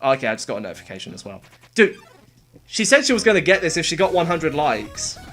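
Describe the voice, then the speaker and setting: A streamer giving casual live reaction commentary, excitable, with quick exclamations and casual slang aimed at chat. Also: mid-range voice, soft background music. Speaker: livestreamer.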